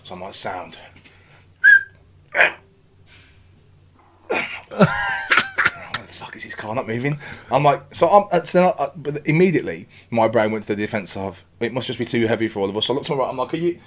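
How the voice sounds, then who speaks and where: A man's voice: mid-range voice, lively intonation, quick pace. A man talking as a guest on a casual podcast. He tells his story with energy, swearing freely and acting out his own past thoughts.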